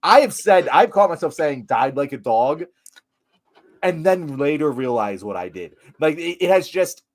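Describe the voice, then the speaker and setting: A man's voice: fairly high pitch, lively intonation, normal speed. A man co-hosting a podcast, talking casually with stammering restarts and frequent laughter. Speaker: podcast co-host. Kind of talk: casual chat.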